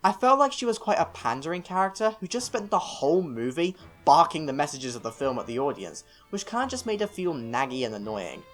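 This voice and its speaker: A man's voice: on the high side, very animated, brisk, hardly any pauses, fairly bright tone. A young British man reading a scripted film review, opinionated and self-mocking with rambling asides. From United Kingdom.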